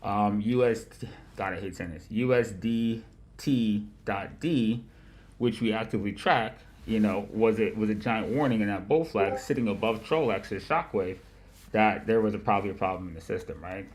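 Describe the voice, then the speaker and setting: A man hosting a casual livestream about markets, with a nasal voice, rambling, swearing often and laughing loudly. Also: lowish voice, normal speed. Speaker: livestream host of a market analysis show. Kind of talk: casual profane chat.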